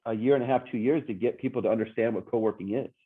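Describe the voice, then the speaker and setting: A man's voice: medium pitch, rapid-fire, husky. A man who co-owns a business, answering interview questions in an upbeat, emphatic way. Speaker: coworking space co-owner. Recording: tinny phone-like line.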